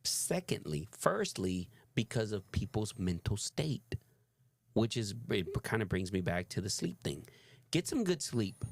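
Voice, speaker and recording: Lowish guy ranting on a reaction vid, dry close sound, swears a lot. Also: lively intonation, unhurried, creaky, no echo. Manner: emphatic, swears freely. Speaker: reaction video co-host. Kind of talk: casual opinionated commentary.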